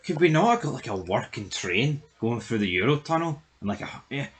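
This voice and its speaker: A man's voice: medium pitch, animated, fairly quick. A Scottish man ranting in exasperation during a casual TV review chat. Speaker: show reviewer.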